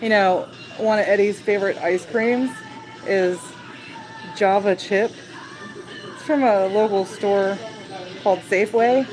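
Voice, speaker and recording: A woman's voice: medium pitch, measured pace, pauses often, low-quality recording. A woman hosting a casual livestream from a shop late at night. She chats and giggles, and greets viewers as she goes. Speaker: livestream host. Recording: clear music behind.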